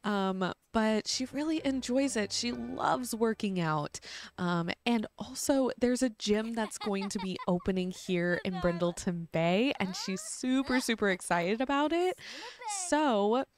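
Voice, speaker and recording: Her mid-range voice is expressive and a little slow. She's a young woman running a gaming channel, giggly and talkative, filling her casual life-sim let's-play narration with ums.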